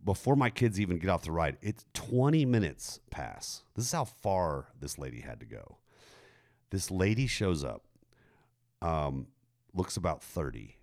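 Middle-aged man, very low voice, lively storytelling, casual chat. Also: a little slow. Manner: animated storyteller, jumps high to quote a woman. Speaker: podcast co-host telling a story.

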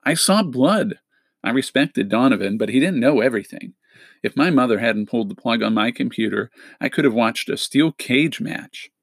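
A man narrates a middle-grade novel in a mid-range voice with a gravelly edge. He reads close to the mic in a dry space with no room sound. He lifts his pitch for the quoted lines and lowers it for the tags. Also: moderate pace, no echo. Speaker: audiobook narrator. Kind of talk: reading a middle-grade novel aloud, voicing characters.

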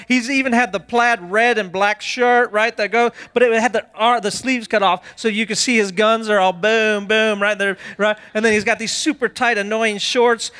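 High-voiced, self-mocking preacher. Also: male voice, a bit bright, clear, resonant tone. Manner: self-deprecating comic storytelling. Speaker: pastor. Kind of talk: humorous sermon storytelling.

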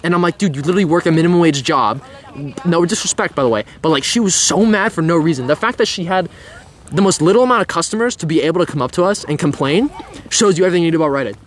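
A teenage boy with a high voice tells a long, heated rant, swearing freely and hammering his points. Faint outdoor noise sits under the talk. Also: animated, racing. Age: teens. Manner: loud ranting storyteller, swears a lot. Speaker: podcast co-host. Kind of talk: casual chat.

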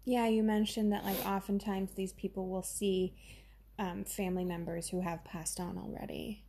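A woman co-hosts a casual podcast chat with a husky, breathy edge to her voice. She is chatty and acts out little scenes in quick put-on voices. Her tone sits mellow and dark. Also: medium pitch, level tone. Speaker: podcast co-host.

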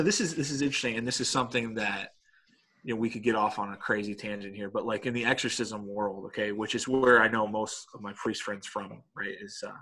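Husky-voiced man telling animated stories. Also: medium pitch. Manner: animated storyteller with many "right?" tags. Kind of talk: casual conversation.

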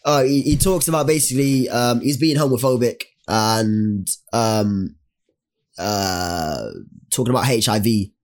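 A man's voice: mid-range voice, measured pace. Young man telling a story. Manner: animated storytelling with slang and restarts. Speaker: podcast co-host. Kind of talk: casual chat.

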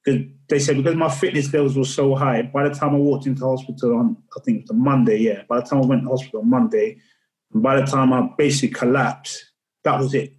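A middle-aged man speaks candidly in a podcast interview. He is earnest and tells his story with restarts and repeated words. His pitch sits mid-range for a man. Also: fairly even intonation, fast, darkish tone, low-quality recording. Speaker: podcast guest.

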